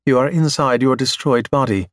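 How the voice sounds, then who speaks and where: A man doing a coolly calm android scientist. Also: mid-range voice, normal speed, no room sound, clean studio sound, lightly acted. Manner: completely calm, matter-of-fact.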